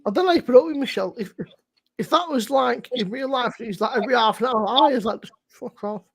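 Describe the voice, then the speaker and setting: A man's voice: very high-pitched, quick pace, creaky, fairly bright tone, breathy edge. A tipsy man, co-hosting a casual live stream, telling stories with lots of swearing and laughing. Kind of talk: casual drunken banter.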